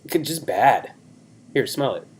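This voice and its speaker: A man's voice: mid-range voice, animated, unhurried, darkish tone, a little hiss or hum. A young man in his twenties, a podcast co-host, chatting in a rambling, self-deprecating way on a video call. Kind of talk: casual chat.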